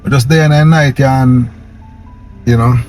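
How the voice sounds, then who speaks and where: A young man with a strong Jamaican Patois accent delivers a fervent rant straight to his viewers. He talks in a middling pitch, repeating himself and ending his sentences with "yo". Soft music plays faintly behind him. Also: steady tone, a little slow. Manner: impassioned, preachy, repeats "yo" and "man". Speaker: vlogger. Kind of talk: casual rant to camera.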